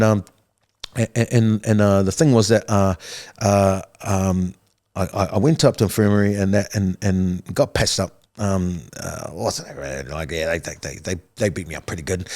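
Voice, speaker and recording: A man's voice: deep voice, darkish tone. A middle-aged man with a New Zealand accent telling his life story as a podcast guest, casual and full of repeated words, restarts, and "bro" and "man".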